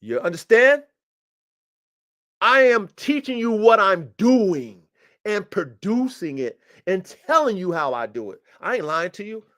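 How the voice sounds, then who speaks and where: A man's voice: high-pitched, big pitch swings, a little slow, fairly bright tone. A man hosting a livestreamed dog podcast, talking in a boastful, confrontational way with emphatic slang. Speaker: podcast host and dog breeder. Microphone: streaming setup.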